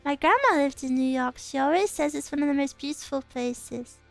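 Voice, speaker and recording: A young Englishwoman streams casually, reading viewer comments while rambling, giggling, and telling stories with animation. Her voice is high-pitched, gravelly, and a little fast, with faint music playing behind her.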